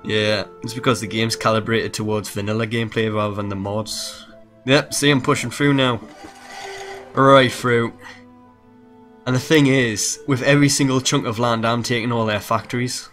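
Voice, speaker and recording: Male gaming host, mid-pitched, relaxed profane commentary, clear game music behind. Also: moderate pace. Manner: casual, swearing, talks to viewers. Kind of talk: strategy gameplay commentary.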